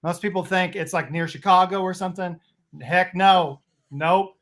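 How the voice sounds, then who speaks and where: A man's voice: high voice, normal speed, fairly bright tone. Folksy man from Southern Illinois. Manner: folksy, jokey. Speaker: co-host. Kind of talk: casual chat.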